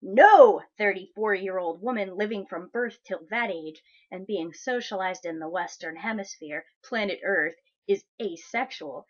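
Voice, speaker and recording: A woman voicing a crude, entitled male online suitor, reading his message aloud with loud, mocking emphasis. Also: medium pitch, a little slow, few pauses, muffled recording, close to an everyday voice. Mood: mocking, leering.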